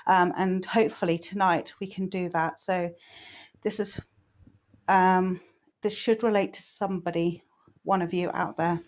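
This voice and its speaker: A woman's voice: fairly low pitch, fairly even intonation, unhurried. Chatty woman on a dull stream. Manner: chatty, warm greetings, frequent "oh, bless". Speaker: psychic artist reading for viewers. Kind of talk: live-stream chat greeting viewers.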